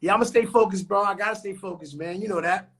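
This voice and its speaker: A man's voice: sits high, fast talker, a bit bright, husky. A young man from New York talking on a podcast in a loose, slangy, profane way. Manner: slangy, profane, street talk. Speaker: podcast co-host. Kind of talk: casual podcast chat.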